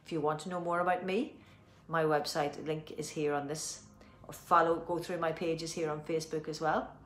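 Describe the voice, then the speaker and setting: A woman with an Irish accent leading a guided tapping session, giving gentle instructions and slow, soothing affirmations. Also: sits low, level tone. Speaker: tapping practitioner. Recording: roomy echo.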